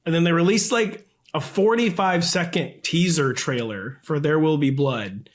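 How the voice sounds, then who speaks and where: A man's voice: fairly high pitch, a little slow. A man in his thirties talking as a podcast guest, rambling with lots of fillers and frequent laughter. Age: 30s. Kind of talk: casual chat.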